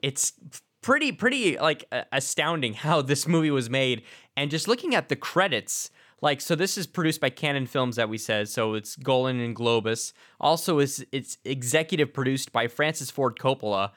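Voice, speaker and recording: Brief: man, mid-pitch, sardonic podcast co-host, swears casually. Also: moderate pace. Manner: sardonic, lively, casually profane. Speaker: podcast co-host, film discussion. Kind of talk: casual chat.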